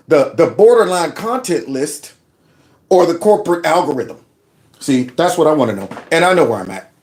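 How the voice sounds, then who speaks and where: A man's voice: medium pitch, a little mellow. A man hosting a casual political commentary show, folksy and mocking, with lots of asides. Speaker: show host.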